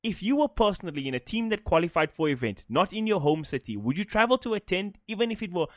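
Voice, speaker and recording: A man's voice: sits high, sing-song, fast, dry recording, studio quality. A man from South Africa co-hosting a casual esports podcast, joking and teasing himself. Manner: joking, self-mocking, swears. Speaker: podcast co-host.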